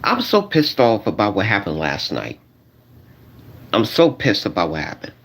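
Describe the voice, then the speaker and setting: A man's voice: huge pitch swings, normal speed, gravelly, fairly bright tone, breathy edge. A man doing a stand-up rant to a crowd, repeating himself and sounding exasperated, his voice shooting up when he gets indignant. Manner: repetitive, exasperated, voice jumping high when indignant.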